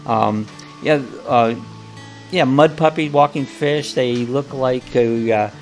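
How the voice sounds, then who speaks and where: A man's voice: medium pitch, slow pace, faint music behind. A man hosting a casual live coffee chat, talking in a rambling, folksy way with lots of fillers and restarts.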